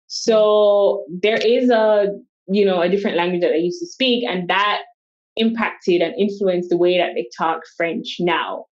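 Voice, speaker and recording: A woman's voice: fairly low pitch, unhurried, lo-fi sound. A woman, a guest in a casual interview, telling stories with energy and acting out what people said to her. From Jamaica. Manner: animated storyteller who acts out quoted speech. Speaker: guest, solo travel coach.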